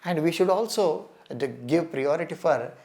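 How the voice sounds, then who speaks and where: A man's voice: fairly high pitch, moderate pace, a little mellow. A man with an Indian English accent giving an exam coaching lecture, earnest, stressing key points and calling his listeners "my friend". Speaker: teacher.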